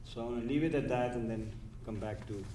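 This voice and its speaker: A man with a mellow, dark voice making measured remarks as a physician on a panel. He stops to correct himself mid-sentence. He is picked up from a distance in an echoey room. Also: medium pitch, a little hiss or hum.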